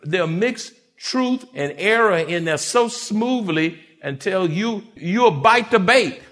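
A man preaching a sermon as pastor, animated, repeating phrases and briefly acting out the voices of complaining churchgoers. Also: sits high, slow.

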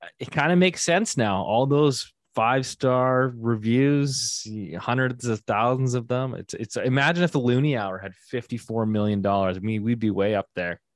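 A man's voice: medium pitch, moderate pace, no echo, clean studio sound. A man from Canada hosting a finance podcast, reading an ad and chatting loosely with many fillers and restarts. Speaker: podcast host. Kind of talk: casual podcast chat and ad read.

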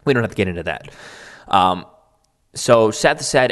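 A man with a lowish, expressive voice at a moderate pace plays a political commentator reading out online posts. His casual, rambling commentary is sarcastic and mocking, packed with fillers like "um" and "like," and he sometimes laughs.

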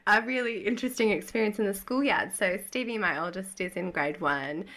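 A woman's voice: mid-range voice, fairly quick, fairly bright tone. A woman in her thirties, co-hosting a casual comedic chat, swearing freely, mocking herself and laughing often. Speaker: podcast co-host.

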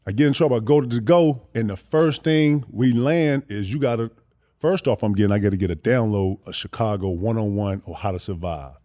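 A man telling stories as a guest in a casual chat, animated and profane, acting out what others said. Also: on the low side, fairly quick. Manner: animated, profane, acts out quotes.

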